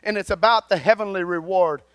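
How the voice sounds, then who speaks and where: Man, high voice, folksy chatty preacher, close dry sound, loud-to-hushed delivery. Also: fairly quick, clean tone, dry recording. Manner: folksy, conversational preaching that swings between loud and quiet. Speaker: lay speaker at a chapel. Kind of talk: sermon.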